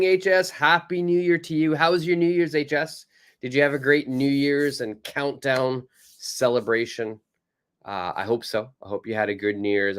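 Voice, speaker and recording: A man teaching an online English lesson, greeting viewers by name and reading example dialogues aloud. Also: medium pitch.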